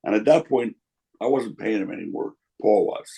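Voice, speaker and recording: A man's voice: fairly low pitch, normal speed, vocal fry, dark tone, husky, poor audio. An older man, a former wrestling promoter, answering interview questions with candid anecdotes and quoting people along the way. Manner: candid, anecdotal, quotes others in voices.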